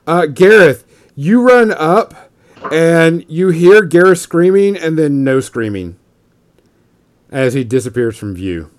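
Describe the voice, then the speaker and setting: A man narrating a tabletop game as its game master, with a fairly high voice. He describes the action loosely, leaning on fillers and casual phrasing. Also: lively intonation, takes it slowly.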